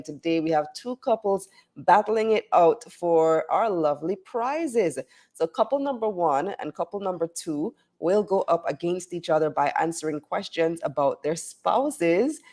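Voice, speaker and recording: A woman's voice: sits low, a little mellow. Upbeat chatty woman hosting a finance show. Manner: chatty, upbeat, addresses viewers directly. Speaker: show host and financial journalist.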